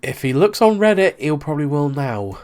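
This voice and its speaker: A man reacting to posts in casual chat, hesitant and halting, often restarting his words. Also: a little high, very animated, a little mellow, a little hiss or hum. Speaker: co-host reacting.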